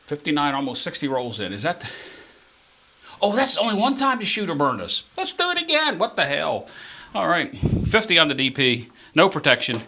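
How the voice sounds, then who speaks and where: On a live craps stream, a male host chats his way through the dice action and speaks right to his viewers, leaping up with excitement whenever the dice land. His pitch sits in the middle range, and there's a faint hiss or hum on the recording.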